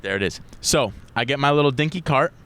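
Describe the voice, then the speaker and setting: A man co-hosting a podcast, telling a story in a casual, animated way, laughing and swearing freely. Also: mid-range voice, a little fast, smooth. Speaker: podcast co-host.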